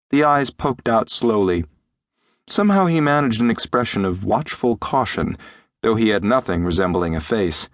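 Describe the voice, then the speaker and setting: A man narrating a science fiction audiobook in a steady, measured way. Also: on the low side, no echo, clean studio sound. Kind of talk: scripted narration. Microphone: close studio mic.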